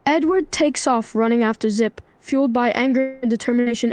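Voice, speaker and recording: A synthetic woman's voice narrates story events with steady, even delivery. Her pitch sits a bit high. The sound is dry and close. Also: fairly quick, hardly any pauses, no room sound. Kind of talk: scripted narration.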